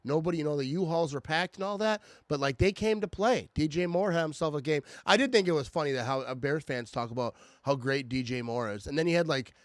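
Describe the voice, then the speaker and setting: A sports fan vlogger rants casually and irritably about his team, stammering and restarting often. His voice is a little high and quick with few pauses, captured in a dry recording.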